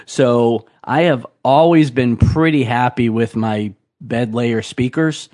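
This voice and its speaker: A man co-hosting a casual podcast, relaxed and a bit hesitant as he explains things. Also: medium pitch, slow. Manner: relaxed, hesitant, lots of ums and restarts. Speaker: podcast co-host. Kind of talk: casual chat.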